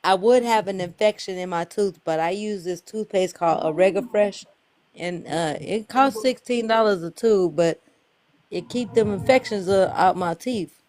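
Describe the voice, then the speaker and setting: A man chatting casually on a video call from outdoors, loud and animated, full of slang, calling out to his cat. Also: sits high, moderate pace. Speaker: caller in a group video chat. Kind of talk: casual chat.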